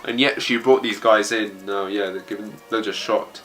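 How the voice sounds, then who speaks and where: A man reading a manga chapter aloud as he reacts, blunt and excitable, swearing freely. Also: on the low side, moderate pace, soft background music.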